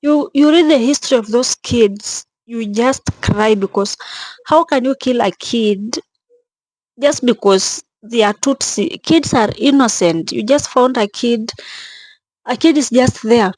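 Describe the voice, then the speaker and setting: A young woman vlogging with emotion, speaking in a halting way, repeating herself and sounding tearful and shaken. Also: fairly high pitch, a little mellow, no echo. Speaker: travel vlogger. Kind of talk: emotional vlog narration.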